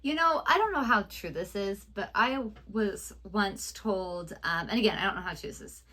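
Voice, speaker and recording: A woman's voice: mid-range voice, lively intonation, moderate pace, sharp tone. A woman co-hosting a reaction video, chatting casually and trailing off with fillers as she goes. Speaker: reaction channel co-host.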